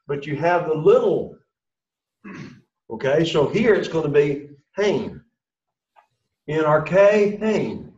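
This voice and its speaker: A man's voice: fairly high pitch, darkish tone. A man teaching a classroom lesson, explaining step by step, quizzing the class and encouraging them. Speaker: Greek teacher. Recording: dull lo-fi sound.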